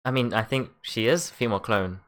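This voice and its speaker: A man with a New Zealand accent co-hosting a casual chat, talking in a relaxed way with many fillers and restarts. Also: on the low side, fast.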